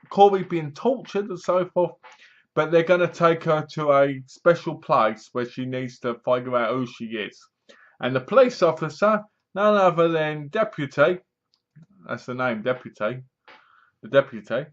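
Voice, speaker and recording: A man giving a sarcastic, casual spoken review, often acting out lines in funny voices. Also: a little high. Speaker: film reviewer. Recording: dull lo-fi sound.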